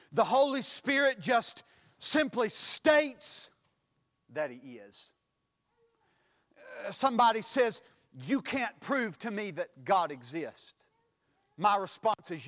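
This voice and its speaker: A male pastor preaching a sermon, with a preaching cadence that swells into sudden loud emphatic lines. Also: a little high, in a large hall.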